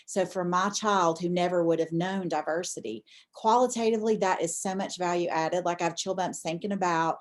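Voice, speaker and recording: A woman's voice: fairly low pitch, brisk, few pauses. A woman district administrator on a video-call panel, telling a classroom story with passion.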